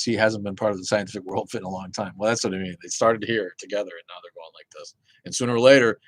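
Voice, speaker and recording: The host of an atheist live show rambles through a Q and A in a lowish voice, swearing liberally and full of fillers and false starts. The audio is dry and rough.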